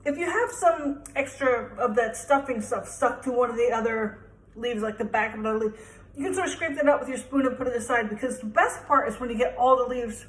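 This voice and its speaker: Chatty young woman in an echoey kitchen. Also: fairly high pitch. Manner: chatty, rambling, self-deprecating. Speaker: home cook vlogger. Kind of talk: casual cooking demonstration. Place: home kitchen.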